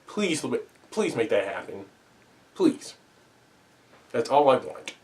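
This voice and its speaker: A man talking through a movie review in an unhurried, deliberate way, with a middle-range pitch. He speaks earnestly and casually, stopping to repeat himself and restart phrases as he goes. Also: sing-song, a little mellow. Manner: earnest, repeats and restarts words, pleading asides.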